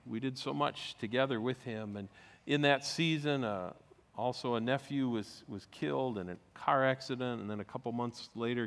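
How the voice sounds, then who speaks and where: A middle-aged man speaking as a pastor in a sermon, telling a personal story in a reflective, measured way. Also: medium pitch, fairly bright tone, big-room sound.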